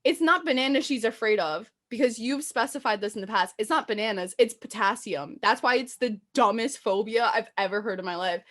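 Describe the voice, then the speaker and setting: Young adult woman, podcast host, slightly high voice, animated and giggly storyteller. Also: fairly quick, few pauses. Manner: animated, laughs often, acts out quotes. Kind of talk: casual podcast chat.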